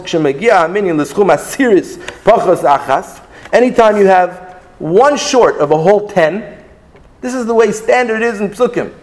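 A man teaching a Talmudic lesson, reading Hebrew texts aloud and explaining them in an animated, sing-song way with many restarts. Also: high-pitched. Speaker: Torah teacher. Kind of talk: Talmudic lecture.

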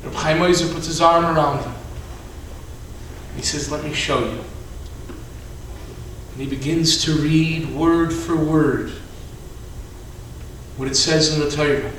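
A man rabbi telling a story in a sermon, acting out the characters and moving from shouts to hushed tones. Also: on the high side, steady tone, slow pace, pauses often, background noise. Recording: echoey hall, from a distance.

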